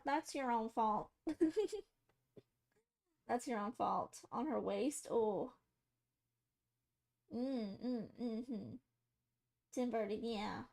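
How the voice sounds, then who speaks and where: A woman's voice: fairly high pitch, creaky. A woman streamer chatting casually to her viewers while drawing, rambling, giggly and poking fun at herself. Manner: rambling, giggly, self-mocking, talking to chat.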